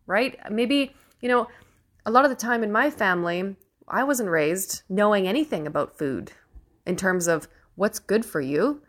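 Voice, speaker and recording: A woman's voice: medium pitch, a bit bright. A young woman giving a casual opinion monologue as host, earnest and emphatic, swearing freely and laughing often, close to tears with emotion.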